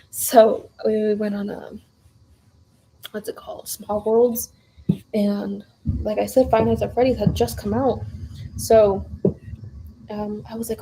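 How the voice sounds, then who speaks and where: Young woman, casual baking vlogger, mellow and slightly high, rambling and chatty, faint hiss behind. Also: a little slow, long pauses, low-quality recording. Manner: rambling, animated, lots of fillers and restarts. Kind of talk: casual storytelling while baking. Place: home kitchen.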